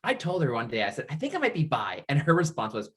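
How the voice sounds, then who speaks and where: Speaking quickly at a medium pitch, the interview guest, a man in his thirties from the Niagara region of Canada, shares his coming-out experience. He voices the people in his story and keeps breaking into laughter.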